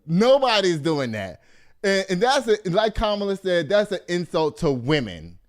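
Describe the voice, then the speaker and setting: High, smooth man ranting. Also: moderate pace. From Texas. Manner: animated, profane and mocking, laughing often. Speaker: host. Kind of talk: casual commentary.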